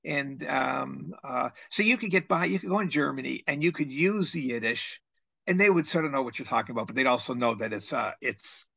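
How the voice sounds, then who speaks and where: A man's voice: medium pitch, brisk, vocal fry, breathy edge, dry recording. A man in a casual video call chat, telling family stories in a rambling way with many restarts. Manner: rambling, restarts, animated when quoting. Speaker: trivia game player.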